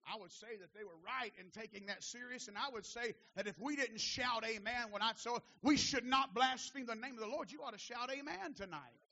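A man preaching a sermon as pastor, building from steady teaching to fervent shouted calls and then falling back to quiet asides, repeating phrases for emphasis. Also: extremely high pitch, fairly quick, hardly any pauses, highs cut off.

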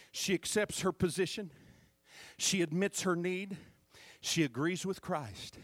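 A man's voice: a little high, lively intonation, measured pace, no room sound. A man preaching a sermon as pastor, fervent and calling out to the congregation for responses.

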